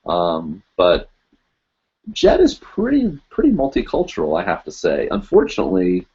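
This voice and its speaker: A man with a low, husky voice rambles through a casual live-stream Q&A, reading viewer comments aloud as he goes. The sound is dull and lo-fi, like stream audio. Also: wildly swooping pitch, moderate pace, mellow. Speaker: live-stream host answering viewer questions.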